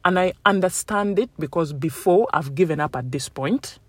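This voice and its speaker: A woman's voice: fairly low pitch, moderate pace, no echo. A woman vlogger talking casually and upbeat to her viewers, acting out quotes as she goes. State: tired after running. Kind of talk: casual motivational talk to viewers.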